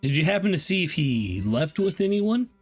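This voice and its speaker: A man's voice: on the high side, big pitch swings, normal speed, husky, faint music behind. A man playing a tabletop game, trading playful in-character banter with frequent laughs. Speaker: player.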